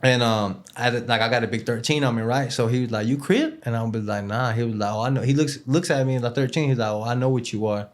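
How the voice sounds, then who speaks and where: A man's voice: mid-range voice, fairly even intonation, fast talker, hardly any pauses. Male interview guest, mid-range voice, casual slangy storyteller who rambles and repeats himself. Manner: loose street slang with Spanish words mixed in; rambling, with many fillers and repeated words.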